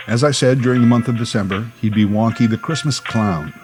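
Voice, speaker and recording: A man's voice: medium pitch, brisk, hardly any pauses, a little mellow, breathy edge, faint music behind, rough recording. Wry man telling a childhood story. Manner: wry, conversational, nostalgic asides. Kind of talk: storytelling monologue.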